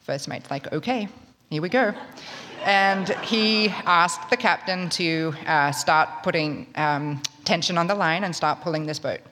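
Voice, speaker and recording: A woman's voice: low voice, unhurried, few pauses, bright, forceful tone, a little hiss or hum. A woman from Australia with an Australian accent, telling a wry, humorous true story in a conversational way. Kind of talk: live spoken storytelling. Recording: long reverb of a large hall.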